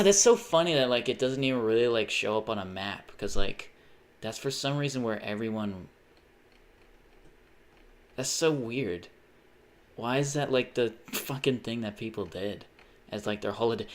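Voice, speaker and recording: A young man chatting casually on a live stream. He rambles, swears often and bursts into sudden excited exclamations. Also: medium pitch. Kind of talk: casual livestream chat.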